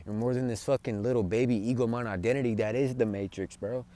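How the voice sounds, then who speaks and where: A man's voice: mid-range voice, fairly even intonation, fast talker, dark tone. A young man giving an impassioned, profane spiritual monologue to his viewers from outdoors in nature, calling them bro and man. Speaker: spiritual vlogger.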